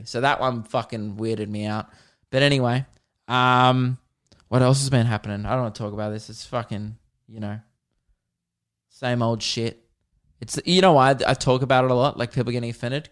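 A young man hosting his own podcast as a comedian, rambling casually, swearing often and laughing at his own stories. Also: medium pitch. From Australia. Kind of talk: casual solo podcast chat.

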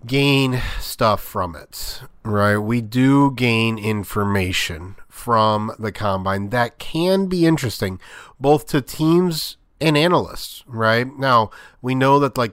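A man's voice: mid-range voice, fairly bright tone, clear, resonant tone, no room sound, studio quality. A man hosting a sports podcast, talking through his views in a rambling, conversational way with lots of fillers. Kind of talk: casual sports commentary monologue.

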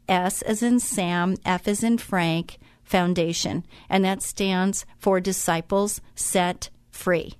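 A woman's voice: medium pitch, clear, resonant tone, no echo, clean studio sound. A middle-aged woman who hosts a faith-based radio show, telling a story in a chatty, enthusiastic way with frequent restarts.

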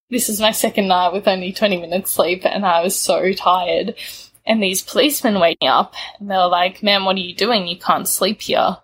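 A woman's voice: medium pitch, fairly bright tone, breathy edge. A young Australian woman in her twenties, casually telling a story, laid-back and laughing often. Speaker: guest telling a travel story.

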